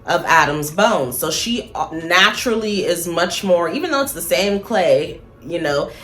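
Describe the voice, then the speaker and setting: Woman, lowish voice, casual monologue, blunt, swears, slows down to stress points. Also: animated, a bit bright. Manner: blunt, chatty, swears freely, laughs at own points; slows down for emphasis. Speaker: spiritual vlogger.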